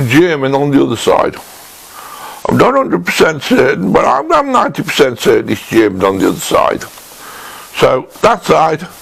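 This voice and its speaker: Slow gravelly man in a workshop. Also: fairly high pitch, a bit bright, poor audio. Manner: slow, halting, thinks aloud with restarts. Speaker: woodworking tool reviewer. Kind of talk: casual show-and-tell tool review. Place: home workshop.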